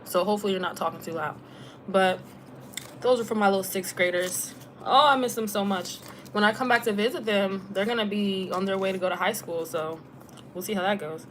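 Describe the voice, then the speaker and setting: A young woman talks in a loose, chatty way on a live stream. Her voice sits at an ordinary middle pitch and stays easygoing, with plenty of "like" and casual slang. A faint hiss of background noise runs under her voice. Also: brisk. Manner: relaxed and chatty, heavy use of "like" with slang. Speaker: travel vlogger and former teacher.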